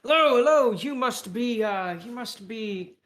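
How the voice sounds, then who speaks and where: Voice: medium pitch, expressive, unhurried, fairly bright tone, pitched above the performer's own voice. Gm putting on a big grinning german business guy w/ a british accent, overly polite, roomy echo. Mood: grandly jovial. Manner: jovial, grandly polite, backslapping. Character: tall boisterous German businessman, showy, grinning.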